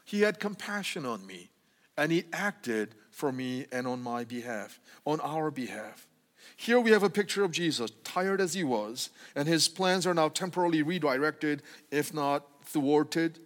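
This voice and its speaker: A man's voice: fairly high pitch, lively intonation, unhurried. A man preaching a conversational sermon to a congregation in a church, often checking in with "right?" as he explains. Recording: long hall reverb.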